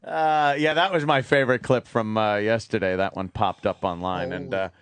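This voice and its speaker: A man's voice: lowish voice, fairly even intonation, normal speed, smooth. A man who is a regular on a radio talk show, reacting with crude banter in casual chat.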